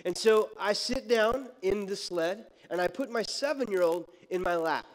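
A man preaching a sermon as pastor, telling a story in an animated, joking way. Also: high-pitched, moderate pace. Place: church sanctuary. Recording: long church hall reverb.

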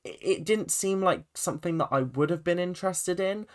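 A man's voice: high-pitched, normal speed. A man giving a casual, rambling spoken review of a TV episode, full of restarts and asides. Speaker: TV review vlogger.

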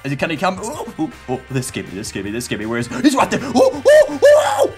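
A young man giving excitable, goofy gameplay commentary as a channel host, yelping and shouting at sudden moments. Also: high voice, a little fast, over music. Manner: goofy self-mocking banter.

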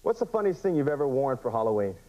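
A man asking quick, offhand questions as a contestant on a televised dating game. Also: medium pitch, big pitch swings, mellow. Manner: quick, offhand, a bit awkward. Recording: dull lo-fi old TV tape, faint hiss.

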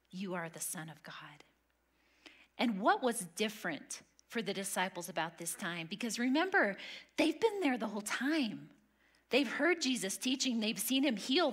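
A woman teaching a women's Bible study, earnest and emphatic, sometimes dropping to a hush. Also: mid-range voice. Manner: earnest, emphatic, drops to a hush on key lines.

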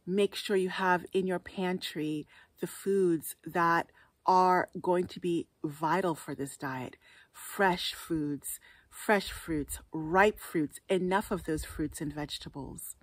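Woman vlogger, lowish voice, gentle and encouraging, dry close sound. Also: dry recording. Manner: gentle, encouraging, lists numbered tips. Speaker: wellness vlogger and author. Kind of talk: advice vlog to camera.

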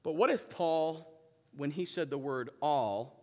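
Preaching man in a reverberant church. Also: measured pace. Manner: preaches with call-and-response to the congregation; swings between loud emphatic peaks and soft low asides. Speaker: pastor. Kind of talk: sermon. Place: church sanctuary.

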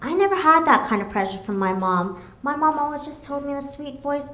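A woman from the United States performing a stand-up comedy set with playful, deadpan asides. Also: high-pitched, fairly quick, hardly any pauses. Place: comedy club stage. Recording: roomy club with audience laughter. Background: audience laughter.

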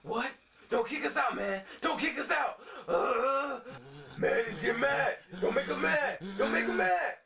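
A man voicing a hyper, fast-talking male bird who rambles excitably in a puppet comedy skit. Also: very high voice, gravelly, crowd noise, heavily acted. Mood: excitable.

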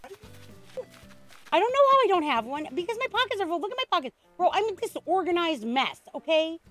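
A woman streaming a video game, chatting casually in an excitable, rambling way with frequent restarts. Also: extremely high pitch, normal speed, soft background music. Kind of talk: casual game livestream chat.

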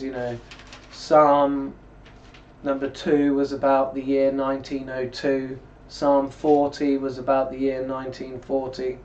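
A man's voice: fairly high pitch, a little mellow. A man, talking casually and reading scripture aloud in a rambling, conversational way while seated indoors. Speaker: religious video blogger. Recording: distant mic, dull lo-fi sound.

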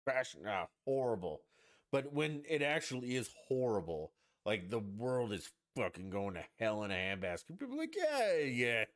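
A man with a fairly low voice rants through a solo podcast, swinging his pitch widely as he goes. He talks in a profane, sarcastic and rambling way. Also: big pitch swings, normal speed. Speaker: podcast host. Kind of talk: ranting solo podcast monologue.

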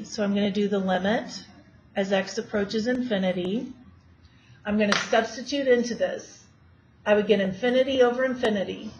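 A woman math teacher giving a classroom lecture and quizzing her students as she works through problems. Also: medium pitch. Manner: asks students questions while working problems. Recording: dull lo-fi classroom recording, faint hiss.

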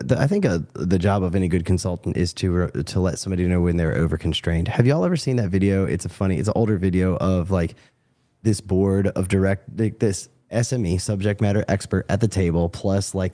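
A man's voice: low voice, mellow. A man hosting a podcast in a rambling, profane and self-deprecating way. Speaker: podcast host. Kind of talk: casual podcast chat.

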